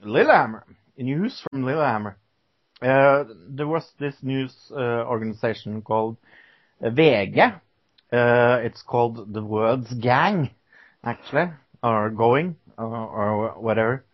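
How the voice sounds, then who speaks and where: A man's voice: mid-range voice, slow pace. A man from Norway hosting a casual podcast, joking around in a playful, hesitant way. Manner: playful, putting on a joke British persona. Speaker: podcast host. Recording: dull lo-fi sound.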